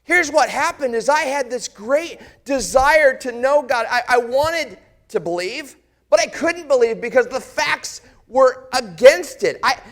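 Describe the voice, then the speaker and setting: In a very high voice, a pastor takes on the role of Thomas the disciple, an earnest adult, for a dramatic first-person sermon. The mood is impassioned, and he keeps facing the audience with probing questions.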